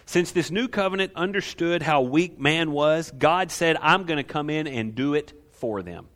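A pastor, preaching a lively sermon full of rhetorical questions and light humor. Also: male voice, fairly high pitch, moderate pace.

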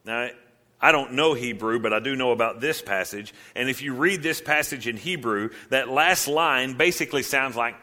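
A man preaching, his voice bright and carrying as he fires off rhetorical questions. He leans into the voices of the people in his stories and then drops back to explain verse by verse. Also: mid-range voice, moderate pace. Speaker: pastor. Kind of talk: sermon.

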